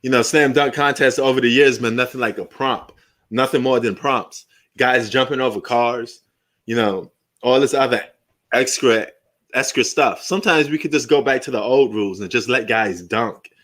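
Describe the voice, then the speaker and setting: Loose and profane, a middle-aged sports livestream host jokes and reminisces as he talks off the cuff. His ordinary mid-pitched voice has a fairly bright tone and moves at a moderate pace.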